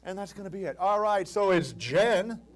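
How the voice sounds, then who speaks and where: A man's voice: sits high, animated, normal speed. A man hosting a live charity telethon, joking and hyping up the crowd. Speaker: telethon host. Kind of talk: live emcee banter.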